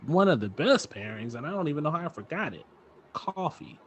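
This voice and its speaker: Speaking fairly quickly with a highish, very animated voice, this podcast co-host comes through on a muffled recording. Out on a back patio at night, the man, a young adult to middle-aged father, rambles through casual chat in a laid-back way stuffed with fillers.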